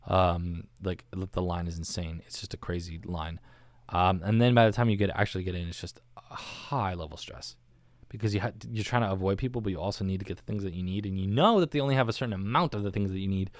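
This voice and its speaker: A man talks on his own podcast in a loose, rambling way, full of slang and jokes at his own expense. His voice sits a little low. The sound is dry and close to the microphone, with no room around it. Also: fast talker, no room sound. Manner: rambling, self-mocking, slangy. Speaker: podcast host. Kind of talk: casual solo podcast monologue. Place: recorded alone, not live. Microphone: studio microphone.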